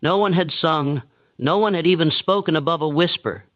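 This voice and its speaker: A man giving steady, measured scripted narration of a dark historical story. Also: a little high. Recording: dull, dry, lo-fi sound.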